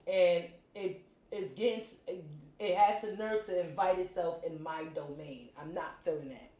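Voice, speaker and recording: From her home, a middle-aged woman hosts a livestream, telling a story to her live chat in a casual, animated way, acting out quotes and tossing in quick asides. Her voice is lowish, and the room gives it an echo.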